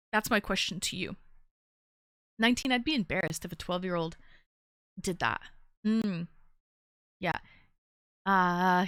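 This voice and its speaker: A woman's voice: medium pitch, a bit bright, dry recording, clean studio sound. Chatty woman live-streaming. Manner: chatty, rambling, reads chat aloud. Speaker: streamer hosting a call-in show. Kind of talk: casual live-stream chat.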